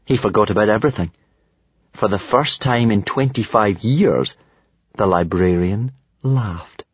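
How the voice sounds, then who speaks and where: A man's voice: on the low side, slightly rough, dry recording. A man narrating a children's storybook expressively, in a slightly muffled dry recording. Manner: expressive, unhurried. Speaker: audiobook narrator.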